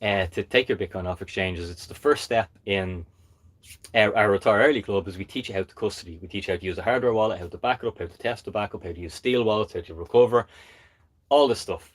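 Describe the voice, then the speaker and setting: Male live-stream host, lower voice, blunt and emphatic, keeps asking "okay?". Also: fast talker. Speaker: crypto channel host.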